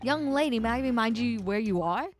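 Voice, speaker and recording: A woman voicing a stern older male courtroom judge, speaking formally in a lowered, reproving tone. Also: animated, brisk, faint music behind, natural voice.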